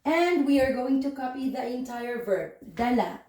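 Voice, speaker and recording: A woman language teacher giving an online lesson, explaining patiently step by step and repeating words slowly. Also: high-pitched, lively intonation, a little mellow. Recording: very echoey room.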